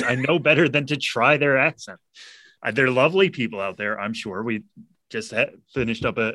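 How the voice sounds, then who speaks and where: A man's voice: mid-range voice, pushed and bright, no echo. Wry, chuckling male co-host. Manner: wry, self-deprecating, chuckling. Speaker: podcast co-host. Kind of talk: casual chat. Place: studio in New York City.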